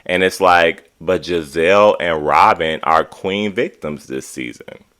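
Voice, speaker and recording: Deep-voiced sassy man recapping TV. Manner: animated, sassy, drawn-out commentary. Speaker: reality TV recap host. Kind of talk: casual opinionated recap.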